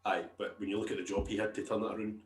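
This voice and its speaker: A man's voice: on the low side, flat delivery, very fast, roomy sound. A Scottish man co-hosting a podcast, chatting casually and laughing often. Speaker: podcast co-host. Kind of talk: casual chat.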